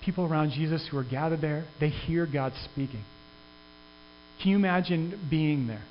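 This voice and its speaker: A man with a somewhat high voice preaches at a moderate pace, taking a conversational, earnest tone as pastor and frequently starting over. Long reverb, a faint hum, and a dull quality mark the recording.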